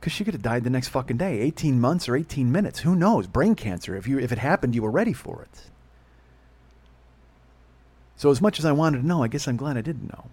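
Guy hosting a podcast, talks fast, swears a lot, bouncy lively voice. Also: medium pitch, slightly rough. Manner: fast-talking, candid, profane. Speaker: podcast host. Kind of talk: storytelling monologue.

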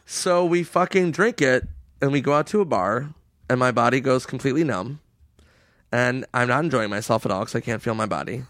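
A man telling stories in casual chat, laughing often, swearing and acting out quotes in a higher voice. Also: fairly quick, fairly bright tone, dry recording, studio quality.

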